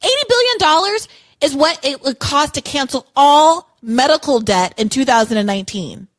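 A woman's voice: high voice, lively intonation, moderate pace, no echo. A woman hosting a live call-in podcast, ranting with passion. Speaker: podcast host.

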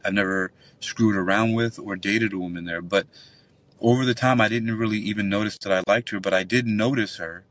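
A man's voice: fairly low pitch, fairly quick, no echo, far from the mic. A man who works as a nightclub bouncer, telling a long, rambling, profane story in casual call-in chat. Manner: rambling, profane, animated retelling.

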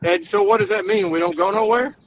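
A man's voice: high voice, brisk, dull audio. A man running for office, arguing bluntly and emphatically in a call-in podcast debate. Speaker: political candidate.

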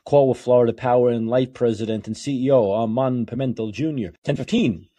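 A man hosting a political talk show, delivering a sarcastic, opinionated monologue that swings between yelling and quiet muttering. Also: medium pitch, a little fast.

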